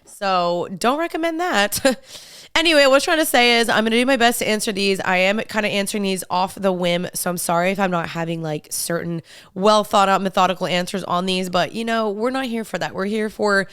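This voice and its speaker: A young woman hosting her podcast, bubbly and chatty, her talk dotted with "like" and "literally". Her voice comes through smooth and resonant. The sound is close and dry, with no room echo. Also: mid-range voice, fairly quick, fairly bright tone. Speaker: podcast host. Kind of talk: casual chat.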